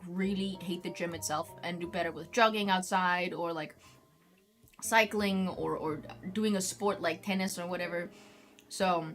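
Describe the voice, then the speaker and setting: Rambling young woman streamer, chatty. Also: mid-range voice. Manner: rambling, heavy use of "like" fillers. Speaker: vtuber streamer. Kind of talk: casual chat to stream viewers. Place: home streaming setup.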